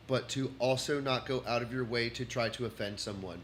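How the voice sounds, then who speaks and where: Rambling Texan male comic, mid-pitched voice, faint room hum, casual at-home stream. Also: fairly even intonation, fairly quick, hardly any pauses, a bit bright. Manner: rambling, restarts sentences, reads from notes. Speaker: comedian doing a livestream.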